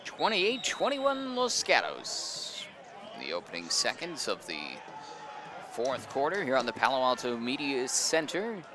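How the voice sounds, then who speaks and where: A young man calling high school football play-by-play from an outdoor press booth, excitable on big plays. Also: noisy background. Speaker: play-by-play announcer. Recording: outdoor stadium with band music behind. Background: marching band music.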